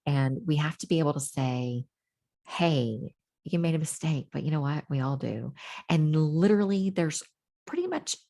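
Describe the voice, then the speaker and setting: A middle-aged woman speaks as an interview guest, telling her own story in a candid, reflective way. Her voice sits very low with a gravelly fry. She pauses often and restarts her sentences. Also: lively intonation, dark tone.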